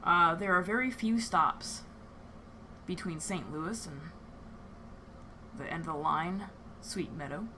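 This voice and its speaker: Bright-voiced woman narrating a tabletop game. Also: fairly low pitch, slow pace, long pauses, slight background noise. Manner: chatty, laughs often, trails into filler words. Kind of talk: casual narration of a live-streamed tabletop game.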